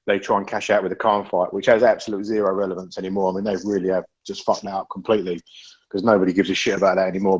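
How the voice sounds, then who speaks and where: A man's voice: on the low side, darkish tone, slightly rough. A man in a casual podcast chat about boxing, rambling with many restarts and swearing freely. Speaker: podcast panelist. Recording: dull lo-fi audio.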